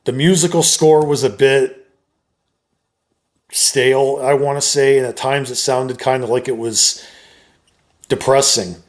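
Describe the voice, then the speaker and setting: A man talking straight to his viewers, giving his opinion of a horror film in a relaxed, conversational way with frequent hedges. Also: medium pitch, a little slow, pauses often. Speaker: YouTuber reviewing a film. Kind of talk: casual opinion monologue.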